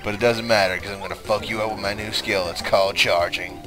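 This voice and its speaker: A man's voice: fairly low pitch, fairly even intonation, fast, over music, natural voice. A man voicing a boastful young male turtle bully in a game let's play, in a swaggering, foul-mouthed taunting voice. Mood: cocky, taunting. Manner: swaggering, crude trash talk.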